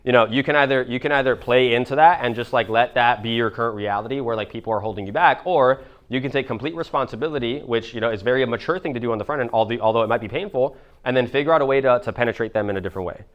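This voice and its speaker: Barely pausing, a mid-range-voiced man in his twenties races through a live business coaching Q&A, casual and heavy on fillers and curses. He voices other people in quoted dialogue, and the audio sounds dull.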